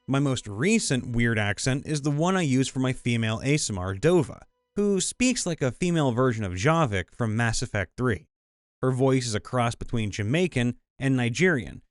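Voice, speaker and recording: Expressive man reading game stories. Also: mid-range voice. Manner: expressive, playful storytelling. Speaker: narrator reading listener stories. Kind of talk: reading tabletop game anecdotes aloud.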